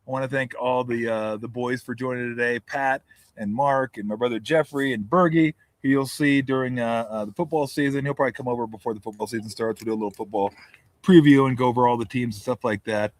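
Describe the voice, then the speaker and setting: A man's voice: mid-range voice, fast talker, no echo. A man hosting a sports podcast and chatting casually with friends, telling loose, profane stories and often laughing. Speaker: podcast host. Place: vacation house with friends in Tahoe.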